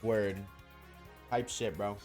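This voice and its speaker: A man's voice: on the low side, fairly even intonation, takes it slowly, a little mellow, faint music behind. A man streaming live, chatting casually and joking with his viewers, often laughing.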